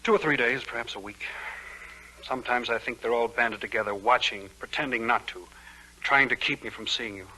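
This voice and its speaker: An ardent young lover, 1940s radio drama, fast, bright, pleading, faint hiss. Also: male voice, mid-range voice, breathy edge, poor audio. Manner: urgent, pleading, breathless romantic. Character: Newland, an ardent young man in love.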